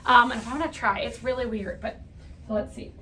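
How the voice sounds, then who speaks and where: A woman's voice: fairly high pitch, steady tone, a little fast, pushed and bright, slight background noise. A woman giving a casual lesson to children, chatty with lots of fillers and asides. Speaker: teacher. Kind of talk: casual classroom lesson for kids.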